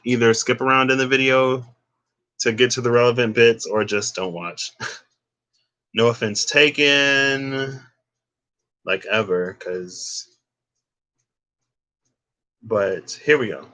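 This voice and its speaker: A man's voice: medium pitch, unhurried, long pauses, sharp tone. A man giving a casual, rambling tarot card reading, curious and chatty, wandering off on tangents. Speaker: tarot reader.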